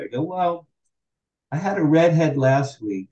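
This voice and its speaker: His voice sits fairly high and moves a little slowly, captured in a roomy space with poor audio quality. The man, in his sixties, is a podcast guest telling frank stories and animatedly performing the lines he quotes.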